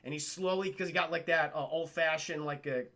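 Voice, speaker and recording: Man, livestream film recap, high voice, bright and forceful, profane, excitable, talks to chat. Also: fairly quick. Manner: excitable, profane retelling that often addresses the chat.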